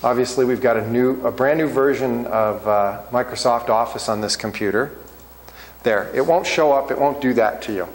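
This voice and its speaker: A male instructor at a middle pitch explains steps to his class in a relaxed, conversational way, stopping often to check that everyone follows. His voice carries a long reverb from the classroom around him. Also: moderate pace. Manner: casual, checks in often with "okay?". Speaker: accounting instructor. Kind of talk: classroom walkthrough.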